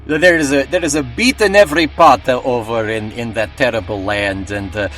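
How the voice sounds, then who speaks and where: A man's voice: mid-range voice, moderate pace, fairly bright tone, faint music behind, natural voice. A man voicing a Soviet agent who fakes being an American radio host, speaking in hammy broken English with overeager patriotic cheer. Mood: mock-patriotic.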